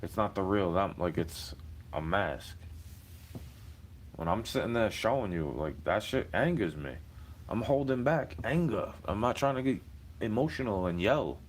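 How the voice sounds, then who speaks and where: A man's voice: on the low side, animated, measured pace, slight background noise. A man ranting to the camera in a heated, profane, rambling monologue.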